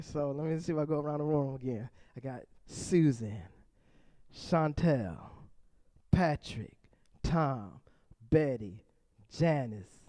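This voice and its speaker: A man's voice: a little high, dark tone, dry recording. Playful man doing stand-up crowd work. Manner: playful, chatty crowd work, often laughing. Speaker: comedian performing for a seniors group.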